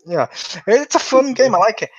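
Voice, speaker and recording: A man chatting casually on a podcast, telling lively stories and acting out other people's voices. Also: very high voice, moderate pace, slightly rough, no room sound. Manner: animated storyteller who acts out quotes in different voices. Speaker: podcast co-host. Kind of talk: casual chat. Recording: dull, lo-fi sound.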